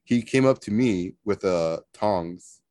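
A man telling a story on a podcast, animated and profane, often laughing. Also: deep voice, slow pace, no room sound, clean studio sound. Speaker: podcast co-host. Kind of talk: casual storytelling.

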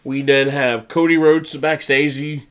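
A man's voice: on the high side, level tone, fairly bright tone, clean tone. Man, co-host, casual recap, stuffy nose from a cold, rambling. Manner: casual rambling recap, quick mocking paraphrase of wrestlers. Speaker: podcast co-host.

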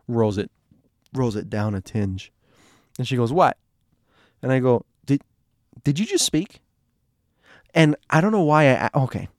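A man's voice: medium pitch, darkish tone, dry recording. Rambling young man with a dry voice. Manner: rambling, digressive, restarts often. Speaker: storyteller talking to viewers. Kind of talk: casual rambling monologue.

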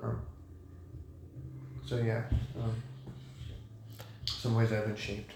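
A young man talking as a guest in a casual conversation, thoughtful and halting, with many fillers and restarts. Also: fairly low pitch, monotone, gravelly, noisy background. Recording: echoey room.

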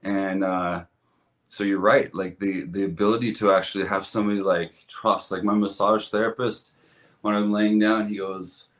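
A man's voice: low voice, flat delivery, moderate pace, fairly bright tone. A man, a hairdresser guest on a podcast, telling stories in a casual, earnest, rambling way with lots of restarts. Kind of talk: casual conversational storytelling.

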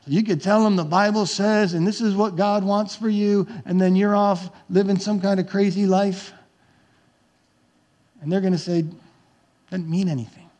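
Male pastor, high tenor voice, conversational sermon delivery that breaks into acted-out quotes. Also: little pitch movement, moderate pace. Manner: conversational preaching, acts out yelling parents and coaches.

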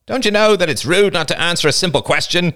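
A man voicing a belligerent older teenage boy who talks loudly and demandingly, in a storybook reading. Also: medium pitch, big pitch swings, normal speed, voice pushed up. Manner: loud, demanding and aggrieved.

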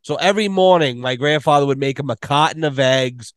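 A man's voice: a little high, brisk, clean tone, no echo, studio quality. A man hosting a podcast, telling rambling, profane stories in casual chat. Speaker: podcast host.

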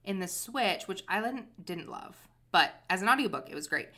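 Bright-voiced chatty woman podcaster. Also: medium pitch, expressive, moderate pace. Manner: chatty, tangent-prone, lots of fillers. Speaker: podcast co-host. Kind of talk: casual chat.

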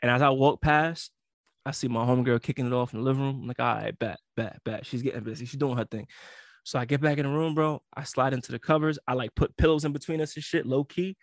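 A young man in casual chat, telling a story in a slangy, animated way and acting out the other people in it. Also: mid-range voice, fast talker, no room sound, clean studio sound. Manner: slangy, animated storytelling with frequent laughs and acted-out quotes.

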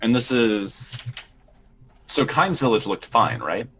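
A man playing a tabletop game, thinking aloud deliberately about his character's next move. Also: medium pitch, sing-song, a bit bright, a little hiss or hum. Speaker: player.

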